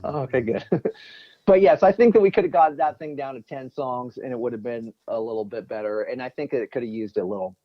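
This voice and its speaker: A man's voice: mid-range voice, fairly quick, no echo. A man in casual podcast chat as a guest co-host and former bandmate, rambling and joking. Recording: muffled lo-fi audio.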